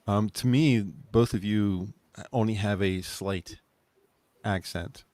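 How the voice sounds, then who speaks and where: Man, very low voice, dry close mic, rambling casual chat. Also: slow pace, darkish tone, no room sound. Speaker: co-host. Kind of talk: casual online group chat.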